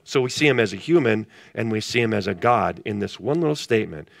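A man's voice: fairly low pitch, lively intonation, fast, gravelly, no room sound, clean studio sound. A male pastor leading a casual Bible study, talking conversationally and asking the group questions.

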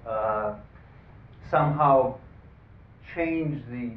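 A man moderating a panel discussion, who introduces the guests and runs an audience poll in a halting way, with many fillers and dry asides. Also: mid-range voice. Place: conference room. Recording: phone-like, roomy, distant, faint hiss.

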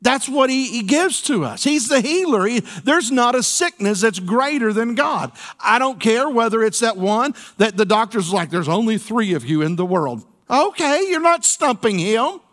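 Man, pastor, sermon, folksy, playful asides, high voice. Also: expressive, normal speed, hardly any pauses, a bit bright. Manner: folksy, playful preaching with call-and-response asides. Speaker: senior pastor. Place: church sanctuary.

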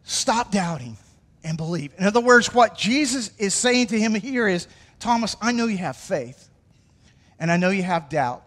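A pastor with a high voice preaches in a church sanctuary, speaking casually and with energy as he calls on the congregation to repeat his words. His voice rings out with a long reverb from the hall. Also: moderate pace. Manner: energetic, conversational preaching with audience call-outs. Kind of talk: sermon.

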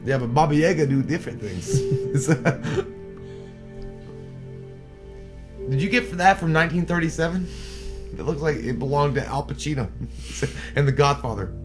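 A man co-hosting a casual movie commentary, loud and joking, laughing often and swearing freely. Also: fairly high pitch, animated, measured pace, long pauses, over music.

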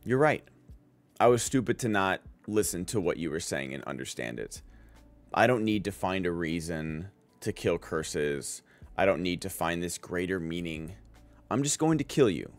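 A man voicing a young male fighter who has turned cold and resolved, speaking low, quiet and flat. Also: moderate pace, soft background music.

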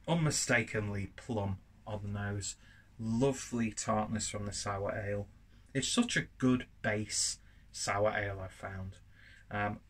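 A man's voice: fairly low pitch, a bit bright. A man from northern England with a well-spoken southern English accent, reviewing a beer at home in a chatty, rambling, self-deprecating way. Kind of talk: casual review vlog. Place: home, while cooking.

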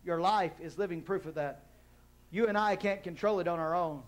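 High-voiced preaching pastor, man. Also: normal speed. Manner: preaching with rising, emphatic call-and-response. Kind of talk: sermon. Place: church hall.

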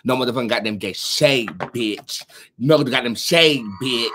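Amid heavy background noise, a man hosts a live tarot stream, chatting fairly quickly in a medium-pitched voice. Sassy and profane, he calls viewers darling and girls and talks to himself while fixing his tech setup.

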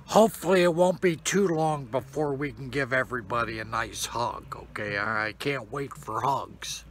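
A man's voice: mid-range voice, moderate pace, slight background noise. An older man, a father-in-law, giving a playful, teasing birthday message.

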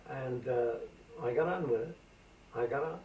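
Recorded from afar on a roomy tape, this octogenarian from Macedonia tells meandering, filler-laden stories for an oral history interview. He speaks at normal speed with a medium pitch, and the sound is phone-quality with a little hiss or hum.

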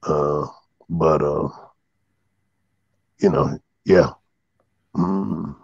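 A man talking in a halting way, full of fillers, as a guest on a casual talk show. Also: extremely low pitch, fairly even intonation, gravelly, a little mellow, breathy edge, dry recording, dull audio. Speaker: podcast guest. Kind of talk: casual chat.

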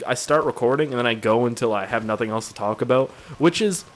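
A man's voice: mid-range voice, a bit bright, slight background noise. A young man giving casual, profane commentary while playing a game. He rambles from topic to topic, sounds tired and is easily amused. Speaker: gaming video creator.

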